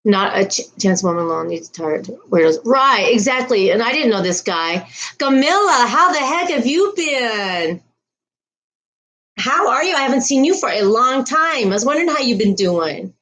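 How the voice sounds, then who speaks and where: Chatty woman streamer, higher voice. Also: very animated, normal speed, fairly bright tone, poor audio. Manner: chatty, rambling, reads and greets viewers' comments; frequent laughs and restarts. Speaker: livestream host. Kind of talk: casual livestream chat.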